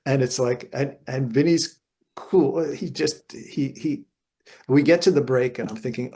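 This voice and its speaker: An older man with a gravelly, fry-laced voice is a guest in an interview. He tells lively anecdotes and slips into other people's voices as he goes. His pitch sits in the middle for a man. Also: moderate pace. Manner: animated anecdotes, acts out voices. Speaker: guest jazz guitarist. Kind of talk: storytelling interview.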